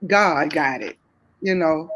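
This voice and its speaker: A woman's voice: sits low, slow, fairly bright tone. Woman, Southern US accent, heartfelt, faith-filled, repeats phrases for emphasis, candid testimony. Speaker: guest.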